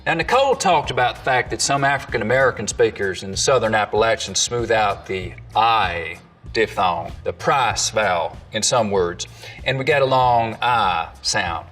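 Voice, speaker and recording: A man of medium pitch hosts an accent lesson and stops to sound out examples as he goes. His voice is recorded a bit away from the mic, with faint music underneath. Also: animated, moderate pace, a bit bright, distant mic. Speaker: host and dialect coach. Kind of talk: scripted educational narration.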